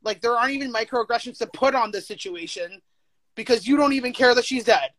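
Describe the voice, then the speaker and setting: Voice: mid-range voice, no echo. Emphatic young adult, dry close sound. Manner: emphatic, animated, full of "like" fillers and quick laughs. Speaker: interviewee. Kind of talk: casual conversation.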